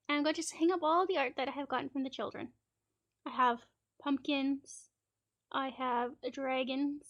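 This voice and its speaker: A woman's voice: high voice, fairly even intonation, moderate pace. A woman streamer from Canada telling rambling, laughing anecdotes in a casual chat and acting out children's lines.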